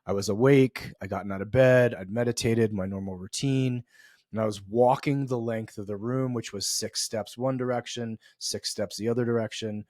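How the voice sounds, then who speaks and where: Low-voiced man telling a story. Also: fairly even intonation, moderate pace, darkish tone, no echo, studio quality. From US East Coast. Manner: loose and conversational, many fillers and restarts. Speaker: podcast host. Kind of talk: reflective storytelling monologue.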